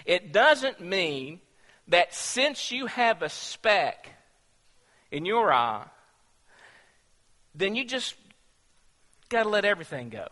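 A man's voice: sits high, very animated, slow pace, long pauses, bright, forceful tone, big-room sound. A man preaching a sermon in a chatty, questioning way, often restarting his sentences. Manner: conversational, asks the congregation questions, many restarts. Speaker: pastor.

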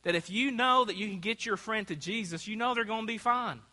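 A man's voice: high-pitched, a little fast, bright, forceful tone. A man preaching a sermon in a church, asking the congregation to call out answers. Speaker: pastor. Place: church sanctuary. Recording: long church hall reverb.

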